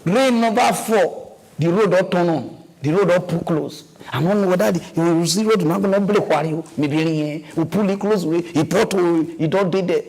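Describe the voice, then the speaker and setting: Nigerian guy doing mock news, high voice, rambling and animated, comic rant style. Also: normal speed, vocal fry, low-quality recording. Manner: animated, rambling, mixes in pidgin. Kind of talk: comic ranting commentary.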